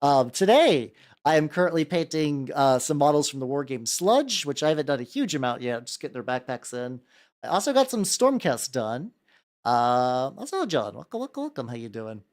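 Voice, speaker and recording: A streamer at a home desk mic, talking in a loose, rambling way, full of fillers and the odd curse word. The pitch swings lively up and down. They keep stopping to greet the chat by name. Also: normal speed. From United States. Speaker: VTuber streamer. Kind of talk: casual live-stream chat.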